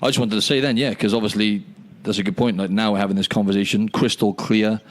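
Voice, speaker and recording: A young man from the United Kingdom hosting a casual podcast chat over a video call, an animated storyteller who keeps saying "mate" and "you know what I mean". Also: on the low side, fast. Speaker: podcast host.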